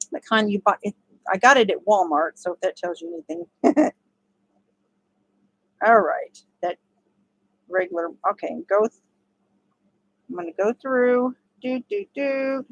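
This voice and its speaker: A woman's voice: mid-range voice, animated, normal speed, creaky, pauses often, dry recording, low-quality recording. A woman giving a casual step-by-step crochet tutorial, chatty and laughing often. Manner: chatty, laughs often, talks to her dogs.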